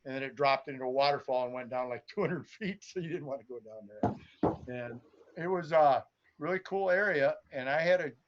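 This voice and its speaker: A man's voice: medium pitch, fairly quick, heavy background noise. A man, a gold prospector, telling a story casually over a video call and acting out the voices and sounds. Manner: animated storyteller who acts out voices and sounds. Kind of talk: casual storytelling on a live stream. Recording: muffled lo-fi stream audio.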